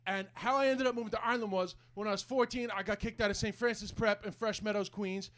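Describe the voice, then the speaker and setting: High, fast-talking New York comic. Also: male voice, steady tone, a bit bright. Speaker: stand-up comedian. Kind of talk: stand-up set. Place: comedy club stage.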